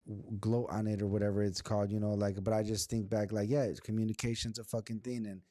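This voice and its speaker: A man's voice: on the low side, flat delivery, quick pace, dark tone, dry recording, clean studio sound. A man in his thirties co-hosting a podcast, speaking hesitantly and reflectively with many restarts. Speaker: podcast co-host. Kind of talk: casual podcast chat.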